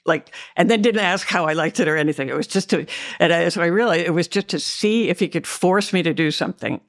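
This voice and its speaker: A woman's voice: on the low side, fast, dry recording, clean studio sound. A woman, an actress and author, recounting memories as an interview guest, hesitant and candid with many fillers and restarts.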